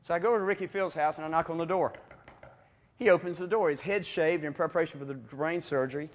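A man preaching a sermon, telling stories in a folksy, animated way with chuckles. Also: on the high side, quick pace. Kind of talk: storytelling sermon. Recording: dull lo-fi recording.

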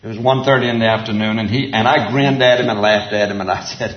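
A man's voice: on the low side, fairly even intonation, fast talker, few pauses. An older man preaching a sermon to a men's group, folksy and chuckling, drawing out emphatic repeated phrases. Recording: roomy, dull lo-fi sound.

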